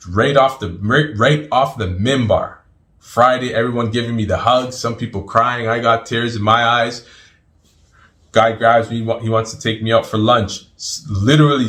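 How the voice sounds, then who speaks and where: A middle-aged man, a guest in an interview, telling his story in an animated way and often repeating words. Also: on the low side.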